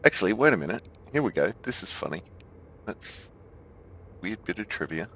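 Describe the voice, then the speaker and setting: A man's voice: deep voice, big pitch swings, normal speed, fairly bright tone, slight background noise. A man streaming a game, chatting casually, thinking aloud and laughing often. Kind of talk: casual gameplay chat.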